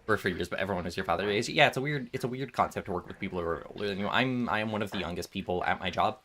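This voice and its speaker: A man's voice: low voice, racing, pushed and bright, a little hiss or hum. A man in his twenties streaming while gaming, chatting casually and telling rambling stories with many restarts. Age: 20s. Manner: rambling storytelling with frequent restarts.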